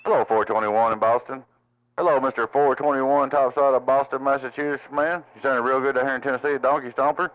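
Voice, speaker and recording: A man's voice: mid-range voice, steady tone, brisk. A man, a CB radio operator greeting callers with call signs and holiday wishes. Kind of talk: radio chat. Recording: lo-fi CB radio audio.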